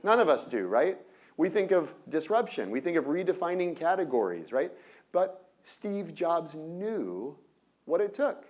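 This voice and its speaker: Energetic man lecturing, asking "right?". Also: a little high, measured pace. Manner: energetic, peppered with rhetorical "right?"; asides and self-corrections. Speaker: innovation lecturer. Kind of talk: lecture to alumni audience.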